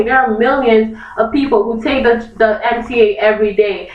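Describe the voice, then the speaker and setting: A woman's voice: fairly high pitch, steady tone, moderate pace, a little hiss or hum. Young woman vlogger in a fired-up rant, recorded from a distance with a muffled lo-fi sound. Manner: angry, emphatic, repeats herself, acts out others in mocking voices. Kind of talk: heated opinion rant. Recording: echoey, distant, dull lo-fi webcam recording.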